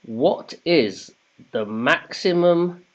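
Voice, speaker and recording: A man's voice: a little high, animated, extremely slow. A man hosting a casual quiz, chatty and jokey, reading questions in English and then in German. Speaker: quiz host. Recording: dull lo-fi sound.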